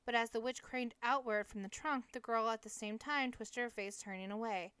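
A woman narrating a novel as an audiobook in a steady, measured reading. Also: on the high side, clear, resonant tone, dry recording. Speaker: audiobook reader.

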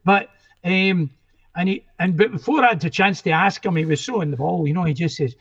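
A man's voice: high voice, fairly quick, fairly bright tone, husky. An older man with a Scottish accent, a guest musician telling anecdotes in a rambling, self-interrupting way, on a dull lo-fi recording.

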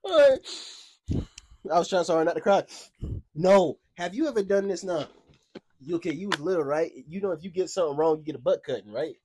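A young man in casual chat, telling childhood stories in an animated way, laughing often and acting out quoted voices. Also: on the high side, fast, breathy edge. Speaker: storyteller.

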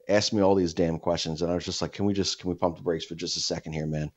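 Low-voiced guy rambling through a story, swears a lot, muffled dry recording. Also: fairly even intonation, fast talker, hardly any pauses, breathy edge, dry recording. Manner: rambling, profane, many fillers and restarts. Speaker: podcast host. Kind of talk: casual storytelling chat. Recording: dull lo-fi dry sound.

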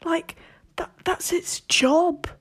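A young woman with a high voice rants through a casual solo monologue. She sounds exasperated, swears freely and keeps slipping into whispered asides. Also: extremely slow. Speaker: podcast host.

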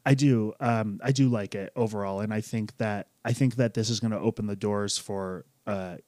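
A man co-hosting a casual podcast chat, cracking quick jokes and laughing often. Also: fairly low pitch, steady tone, a little mellow, no echo. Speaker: podcast co-host.

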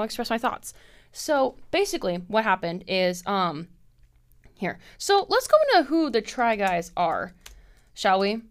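A young woman in her twenties hosting a casual solo podcast from her apartment, telling stories in an animated way, acting out quoted people in a higher voice and swearing freely. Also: clear, resonant tone. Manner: animated storytelling, acts out quotes in a high voice, swears. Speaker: podcast host.

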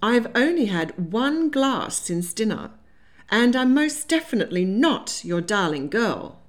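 A woman's voice: medium pitch, big pitch swings, a little slow, darkish tone. A woman voicing a spirited, slightly tipsy young Regency lady who is easily flustered. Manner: flustered, indignant, a little giddy.

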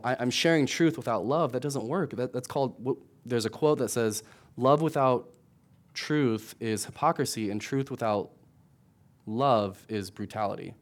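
Casual, storytelling young male pastor. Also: medium pitch. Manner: conversational, storytelling, rising to emphatic. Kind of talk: sermon.

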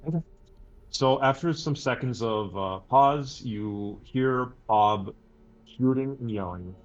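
A man running a tabletop horror game as game master, narrating scenes in a slow, measured way. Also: mid-range voice, lo-fi sound.

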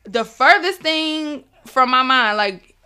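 A woman's voice: high voice, lively intonation, takes it slowly, bright, forceful tone, smooth. A young woman, a mother, telling an emotional personal story as an interview guest, acting out quoted dialogue and laughing often.

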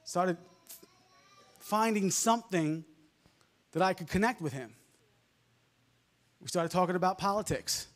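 A male preacher with a softened New York accent, delivering a fervent sermon full of amens and hallelujahs. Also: sits high, a little slow, pauses often. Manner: fervent, peppered with amens and laughs.

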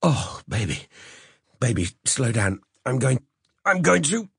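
A man's voice: medium pitch, sing-song, slow pace, gravelly, slightly rough, dry recording, clean studio sound, voice pushed up, full character voice. A man voicing an overweight, besotted middle-aged man who stammers and fawns. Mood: fawning. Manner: flustered, stammering, fawning.

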